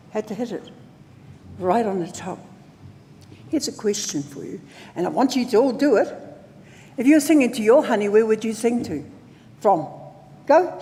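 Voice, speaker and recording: A woman with a New Zealand accent and a warm, higher-pitched voice gives a conference talk on traditional singing, mixing speech with sung examples. She is playful and engaging and calls out to the crowd, recorded with slight background noise, long hall reverb and faint ambience.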